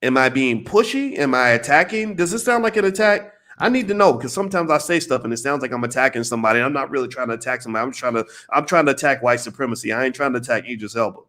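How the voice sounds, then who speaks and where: An American man delivers casual video commentary, animated and emphatic, firing off rhetorical questions and repeating his points. His medium-pitched voice races along with few pauses.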